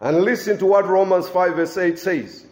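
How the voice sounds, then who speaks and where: A man's voice: high-pitched, moderate pace, a little mellow, reverberant. A man preaching a sermon with emphasis, repeating key phrases for weight.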